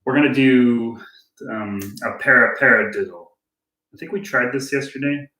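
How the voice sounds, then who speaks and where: At a moderate pace and in a mid-range voice, a man teaches drums casually, thinking things through aloud and making fun of his own flubs with relaxed self-deprecation. He's in a room with a drum kit and click track; the recording is roomy, with drumming and clicks.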